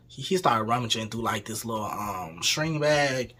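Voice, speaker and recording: Young man, casual storytime, candid, profane, bright tone, husky voice. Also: fairly low pitch, lively intonation, normal speed. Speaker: vlogger.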